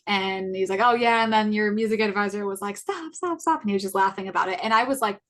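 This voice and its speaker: A woman in her twenties, a podcast co-host, telling a personal story in a casual, halting way, full of fillers and self-corrections. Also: mid-range voice, little pitch movement, a bit bright. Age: 20s.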